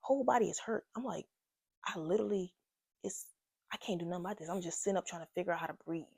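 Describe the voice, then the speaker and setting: A young woman telling a casual storytime to her viewers, animated and slangy, talking straight to the camera. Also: fairly low pitch, fast, creaky, slightly rough, no room sound, studio quality. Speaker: vlogger. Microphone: own microphone.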